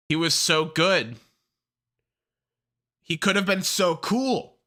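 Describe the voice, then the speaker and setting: Ranking characters during casual livestream commentary, a streamer speaks at a medium pitch and a slow pace, pausing often. The tone is excitable and heavily profane, swinging between ranting and laughing.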